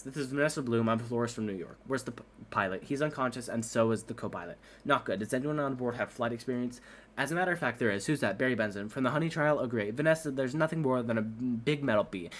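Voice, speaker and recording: A man reads an entire movie script aloud at breakneck speed for laughs, voicing every character himself and stumbling over words. He talks fast in a mid-range voice, and there's a little hiss or hum in the recording.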